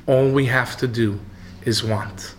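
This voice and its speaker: A man giving a sermon, telling a story with dramatic swings from hushed tones to shouting. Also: mid-range voice, fairly even intonation, slow pace, slight background noise.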